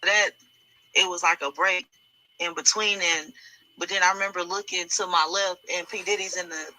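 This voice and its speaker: A woman giving a halting, distressed first-person account, restarting her sentences as she relives painful memories. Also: fairly low pitch, fairly even intonation, sharp tone, rough recording. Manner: halting, hesitant, many restarts. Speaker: alleged victim giving testimony.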